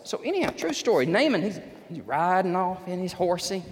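Pastor guy preaching, high voice, swings all over, big echoey church. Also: brisk, few pauses. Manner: folksy, animated storytelling with shouted emphasis. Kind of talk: sermon. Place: church sanctuary. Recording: long hall reverb.

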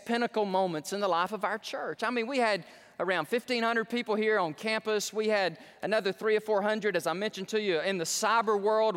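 A man preaching a sermon as pastor in a large church, folksy and excitable, often restarting his words. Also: high voice, long reverb tail.

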